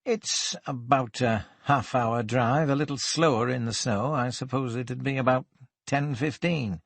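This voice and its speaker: A man's voice: medium pitch, a little slow, gravelly, no echo. A man voicing a nervous older shop manager who hesitates, fumbles, then turns indignant under questioning. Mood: hesitant.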